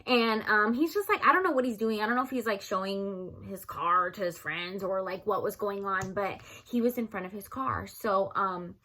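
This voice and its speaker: A young woman telling a story casually to her viewers, chatty, calling them "you guys" and loudly acting out what people said. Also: mid-range voice, normal speed, few pauses. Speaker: storyteller vlogger.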